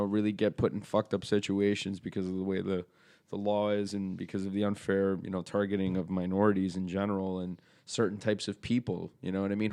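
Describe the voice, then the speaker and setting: A male co-host on a podcast who keeps agreeing and affirming in a relaxed, casual way. His voice sits a little low. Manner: agreeable, lots of affirming interjections.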